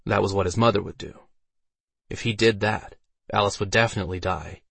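A man narrating a fantasy audiobook with steady storytelling delivery. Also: fairly low pitch, brisk, vocal fry, husky, no echo.

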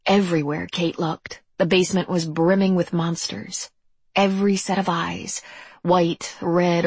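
Woman, audiobook narration, measured delivery, low husky voice, dry close recording. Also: no room sound. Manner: measured, deliberate storytelling.

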